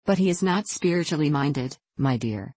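A woman's voice: deep voice, lively intonation, moderate pace, husky, dry recording. A woman voicing a meek, hesitant Scottish lady, wife of a judge. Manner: soft, hesitant, simple.

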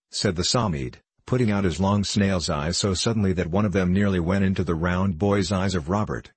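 A man reading a children's storybook aloud in an even, measured way. His voice sits very low with a husky grain, recorded close and dry with no room sound. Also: no room sound. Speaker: audiobook narrator. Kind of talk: storybook narration.

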